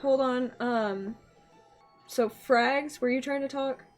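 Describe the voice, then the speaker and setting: Higher-voiced woman moderating a debate. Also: fairly even intonation, slow pace, faint music behind. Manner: interrupting to keep order, apologetic.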